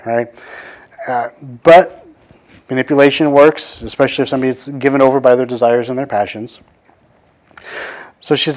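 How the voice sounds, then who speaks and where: A man's voice: medium pitch, normal speed, pauses often. A man in his thirties preaching in a casual, conversational way, often adding "right?" and acting out the people he quotes. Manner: conversational, animated, frequent "right?" asides; acts out quoted voices. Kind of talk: casual sermon.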